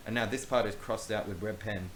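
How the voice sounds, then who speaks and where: A man's voice: on the low side, fairly even intonation, fairly quick. A man reading aloud from his old book with casual, wry, self-mocking commentary. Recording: echoey room with faint hiss.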